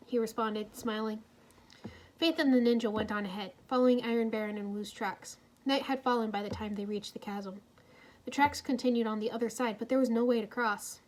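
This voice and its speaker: A woman reads a story aloud at an even pace. Her voice sits a little high for a woman, and the narration stays plain and steady, with the odd small stumble. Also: brisk. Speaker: reader of fan fiction.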